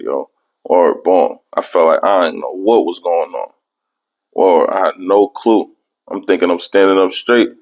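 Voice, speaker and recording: A young man hosting a podcast, telling a long story in casual, profane, rambling chat. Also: low-pitched. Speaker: podcast host.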